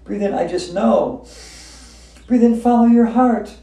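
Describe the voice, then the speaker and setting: A yoga instructor leads a class in a hotel room, her fairly high voice dark in tone and measured in pace. She's upbeat, chanting repeated breathing cues and breaking into laughter, heard from far off in an echoey room.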